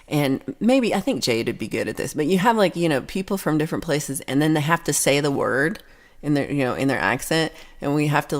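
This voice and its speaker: A woman hosting a livestream, chatting casually and reading out viewer comments in a rambling, chatty way. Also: low voice. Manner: rambling, chatty, frequent restarts and laughs. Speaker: livestream host.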